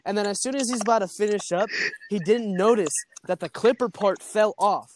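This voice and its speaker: A man's voice: high voice, brisk, a little mellow. A young man hosting a casual podcast, telling a story in a loose, slangy, rambling way and laughing along. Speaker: podcast host. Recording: noisy home podcast recording.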